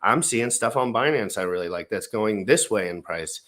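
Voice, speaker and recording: A man's voice: on the low side, lively intonation, normal speed, fairly bright tone. A man hosting a casual crypto livestream, ranting emphatically to his viewers. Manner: ranting, emphatic pep talk. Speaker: show host.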